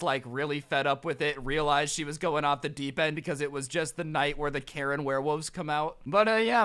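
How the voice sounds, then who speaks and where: A man's voice: fairly high pitch, smooth. Sarcastic young man telling a story. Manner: sarcastic, animated. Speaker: storytime vlogger. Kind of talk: casual storytelling.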